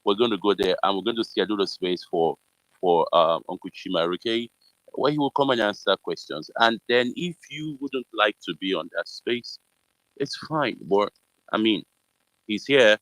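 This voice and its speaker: Brief: man hosting, lowish voice, dry and close, hedges with fillers. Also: lively intonation, moderate pace, fairly bright tone, no echo, low-quality recording. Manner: hedging, many fillers, polite but pointed. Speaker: host. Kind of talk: live audio chat room.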